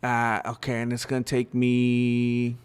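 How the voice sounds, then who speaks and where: A man's voice: medium pitch, monotone, measured pace, smooth. A young man hosting a livestream, talking candidly and rambling in casual chat with viewers. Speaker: livestream host.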